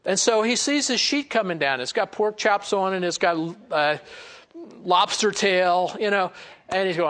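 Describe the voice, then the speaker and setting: A man preaching a Bible lesson in a relaxed, conversational way, acting out quoted lines and chuckling as he goes. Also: high voice, moderate pace. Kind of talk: sermon.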